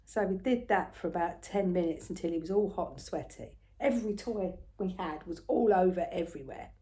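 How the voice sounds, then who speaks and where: An older woman, telling a rambling everyday story in a casual, chatty way, often soft and murmured. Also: fairly low pitch, fairly quick. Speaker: craft vlogger.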